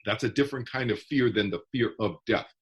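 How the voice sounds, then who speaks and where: A man's voice: lowish voice, brisk, breathy edge. A man who is a guest author on a podcast, explaining his ideas earnestly and step by step. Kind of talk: podcast interview.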